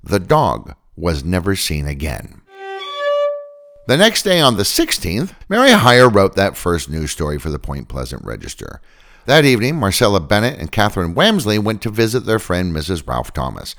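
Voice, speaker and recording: A man's voice: low voice, wildly swooping pitch, normal speed, fairly bright tone, soft background music. A man hosting a podcast, telling a strange tale in scripted narration with dry asides. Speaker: podcast host.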